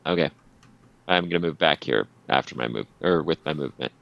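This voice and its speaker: A man's voice: rumbling low, expressive, fairly quick, creaky, lo-fi sound. A man playing a tabletop game, thinking aloud and hesitating while he works out his turn. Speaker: player. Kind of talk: casual tabletop game chat.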